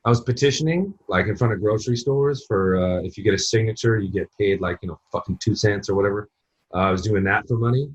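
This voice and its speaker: A husky-voiced man, a guest on a podcast, telling loose, profane, rambling anecdotes. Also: fairly low pitch, fast. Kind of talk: casual conversation. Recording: dull lo-fi mic sound.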